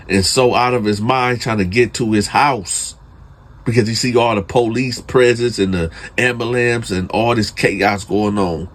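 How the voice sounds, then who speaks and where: Man, storyteller host, husky voice, slangy, talks right to the audience, builds suspense. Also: mid-range voice. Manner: slangy, addresses listeners directly, builds suspense. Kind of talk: casual dramatic storytelling.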